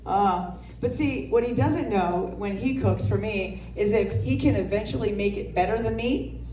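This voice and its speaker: A woman's voice: medium pitch, normal speed, warm tone. A woman in her thirties performing a brash, profane stand-up comedy set, telling stories about parenting with laughs. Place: comedy club stage. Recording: roomy sound from a distant mic.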